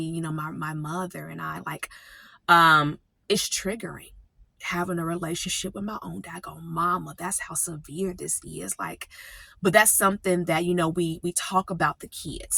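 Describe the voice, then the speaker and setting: A middle-aged woman speaks candidly and emotionally in a personal vlog, lingering in pauses. Her voice sits a little low but rings bright and forceful. The sound is close and dry, with no room echo. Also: gravelly. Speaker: support group coach.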